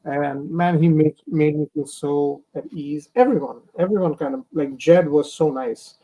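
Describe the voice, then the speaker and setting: A man's voice: on the high side, normal speed, dark tone, highs cut off. A young man from India, a comic artist, talking casually in an interview with many fillers and restarts over a remote stream call.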